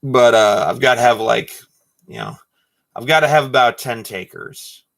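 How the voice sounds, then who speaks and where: A man's voice: mid-range voice, animated, moderate pace, creaky, fairly bright tone. A man chatting casually on a live stream while he draws, rambling with lots of fillers.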